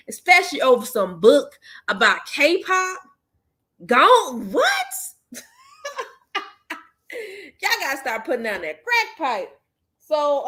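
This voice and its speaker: A woman hosting an online book club, chatting casually and directly to her viewers, animated and often laughing in exasperation. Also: on the high side. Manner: talks straight to viewers. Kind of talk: casual chat.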